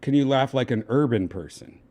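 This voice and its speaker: A man hosting a casual livestream, coaxing and giving step-by-step instructions in a relaxed, chatty way. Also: mid-range voice, moderate pace. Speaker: livestream host.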